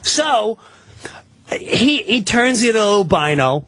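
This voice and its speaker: Brief: male radio guest, comic storyteller, lively up-and-down voice, slightly husky. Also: medium pitch, moderate pace, no room sound. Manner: animated, acts out the people in his story. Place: radio studio.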